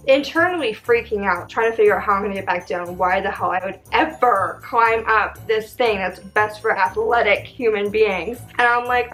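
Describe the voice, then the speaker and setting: A woman's voice: normal speed, hardly any pauses, fairly bright tone, soft background music, poor audio. Chatty, swearing young woman telling a story. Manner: chatty, swears freely, acts out her own quotes in a higher voice. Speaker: vlogger telling a travel story. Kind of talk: casual storytime vlog.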